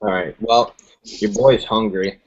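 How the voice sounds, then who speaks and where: Husky-voiced man hosting casual chat. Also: fairly low pitch, fairly even intonation, slow, dull audio. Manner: joking and laughing a lot, slangy banter. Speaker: podcast host.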